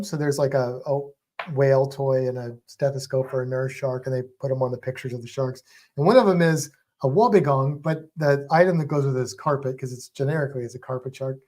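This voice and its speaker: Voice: medium pitch, a little mellow. A livestream co-host in casual chat, rambling and restarting sentences while talking eagerly about movies. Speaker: teaches a class about sharks.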